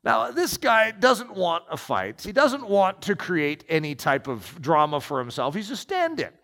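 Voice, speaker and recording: A man's voice: high-pitched, wildly swooping pitch, measured pace, fairly bright tone. A man preaching and reading aloud from a book, emphatic and storytelling. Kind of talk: sermon with read-aloud passages. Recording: long echoing reverb.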